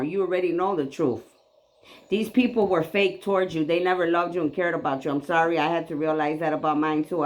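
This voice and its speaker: A woman in her late forties giving an emphatic, repetitive spiritual tarot reading, preachy and casually profane. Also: on the low side. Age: 40s. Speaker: psychic reader.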